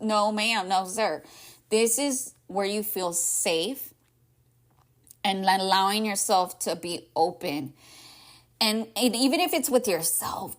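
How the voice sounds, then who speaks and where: A young adult woman hosting a solo podcast, talking casually and emphatically with lots of fillers like "like" and "y'all". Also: medium pitch. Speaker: podcast host.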